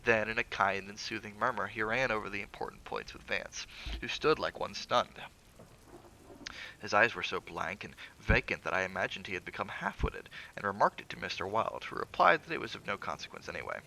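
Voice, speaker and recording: Male reader, low gravelly voice with a bright edge, theatrical measured horror narration. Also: expressive, a little hiss or hum, poor audio. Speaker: streamer reading aloud. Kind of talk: dramatic reading of a classic horror story.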